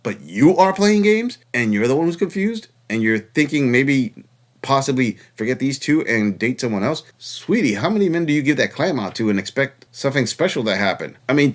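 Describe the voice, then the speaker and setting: Sarcastic man lecturing in reaction commentary. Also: mid-range voice. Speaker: channel host reacting to clips.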